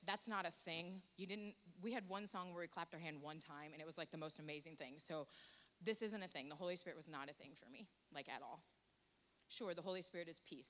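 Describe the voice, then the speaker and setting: Fast-talking low-voiced woman sharing testimony. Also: pushed and bright. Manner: candid, self-deprecating and joking. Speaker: church volunteer giving a testimony. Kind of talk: personal testimony to a congregation. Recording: faint hiss.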